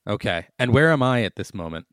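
A man playing a tabletop game, talking in a hesitant, halting way. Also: on the low side, big pitch swings, fairly bright tone, clear, resonant tone, no echo, studio quality. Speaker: player.

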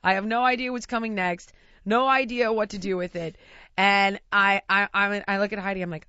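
An American woman telling a lively, laughing anecdote in casual chat. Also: medium pitch, normal speed, clean tone, dry recording, highs cut off. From United States.

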